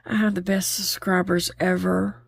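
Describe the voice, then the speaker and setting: A woman's voice: lowish voice, little pitch movement, moderate pace, vocal fry, husky, no room sound, clean studio sound. A woman chatting openly while she crochets, laughing easily as she talks. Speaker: crochet vlogger. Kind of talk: casual chat while crocheting.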